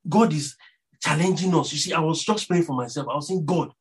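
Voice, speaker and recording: A man's voice: a little high, fairly quick, husky. A man with a Nigerian accent preaching a sermon earnestly, repeating phrases for emphasis.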